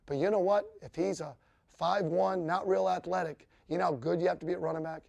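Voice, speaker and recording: A football coach walks players through film in a blunt, emphatic way, swearing freely as he makes his points. His voice sits high for a man and carries a gravelly rasp. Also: steady tone, a little fast, darkish tone, dull audio. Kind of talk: film-room coaching talk.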